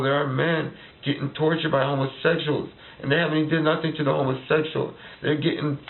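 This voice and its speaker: Man, gravelly voice, heated rant, rhetorical questions, tinny lo-fi sound, faint hiss. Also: fairly high pitch. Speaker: vlogger ranting to camera. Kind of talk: angry political rant. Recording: tinny phone-like lo-fi recording.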